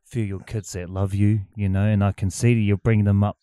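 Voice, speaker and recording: A man chatting gently with his cousin, agreeable and full of fillers. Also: lowish voice, level tone, a little fast, smooth, dry recording. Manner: soft-spoken, agreeable, many fillers. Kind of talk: casual chat.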